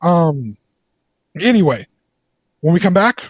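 A man's voice: a little high, big pitch swings, takes it slowly, slightly rough, no room sound. A man hosting a casual podcast chat, rambling with lots of hesitations. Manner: rambling, many fillers and hesitations. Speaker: podcast host. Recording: dull, lo-fi sound.

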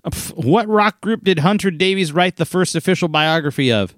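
A man co-hosting a casual trivia chat, animated and quick to laugh. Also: high voice, dry recording, clean studio sound. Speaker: trivia co-host.

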